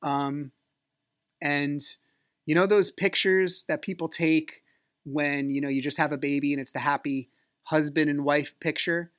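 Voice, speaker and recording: A man's voice: fairly high pitch, fairly bright tone. A man hosting a podcast, telling a personal story in a candid, aggrieved way. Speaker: podcast host.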